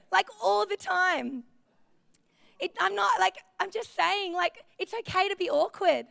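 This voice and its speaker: A woman's voice: very high voice, vocal fry, bright, forceful tone, dry recording. A woman preaching a sermon in a chatty, self-deprecating way, telling personal stories in a church.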